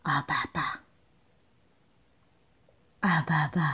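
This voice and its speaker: A woman's voice: mid-range voice, animated, takes it slowly, pauses often, fairly bright tone. A mother talking to her baby in a home video, coaxing and teasing in playful sing-song baby talk.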